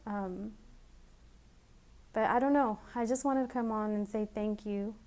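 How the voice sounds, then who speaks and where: A woman speaks to her viewers in a heartfelt personal video message. Her voice stays flat and even in pitch while she talks in a halting, emotional way, often stopping and starting again. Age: adult with children. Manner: emotional, halting, grateful, with fillers and restarts. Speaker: vlogger.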